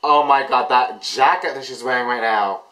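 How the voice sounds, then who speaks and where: A man hosting a casual reaction vlog, gushing and excitable, breaking into delighted shrieks. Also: mid-range voice, normal speed, poor audio. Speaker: reaction video host.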